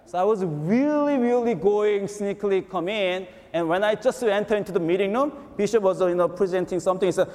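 Male pastor, animated sermon storytelling, high voice, long hall reverb. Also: brisk, few pauses. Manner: animated, repetitive storytelling with frequent rhetorical "right?".

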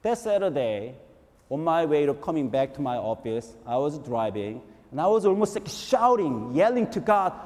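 Male pastor, animated sermon storytelling, high voice, long hall reverb. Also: normal speed. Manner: animated, repetitive storytelling with frequent rhetorical "right?".

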